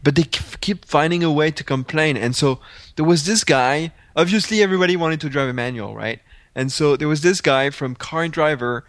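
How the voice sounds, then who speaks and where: A man co-hosting a podcast, telling animated stories in casual chat with lots of fillers. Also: a little high, fairly quick, dry recording, clean studio sound. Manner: animated storyteller with frequent fillers and laughs. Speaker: podcast co-host.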